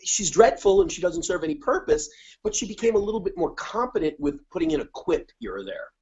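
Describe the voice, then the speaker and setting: A man's voice: sits high, very animated, brisk, darkish tone, husky. A man co-hosting a podcast, giving emphatic, opinionated remarks in casual chat. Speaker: podcast co-host. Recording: dull lo-fi podcast audio.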